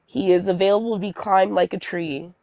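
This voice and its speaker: A woman's voice: medium pitch, steady tone, fairly quick, a crowd in the background. A woman co-hosting a live stream, playfully teasing the others. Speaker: livestream co-host. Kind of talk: casual group chat on a live stream.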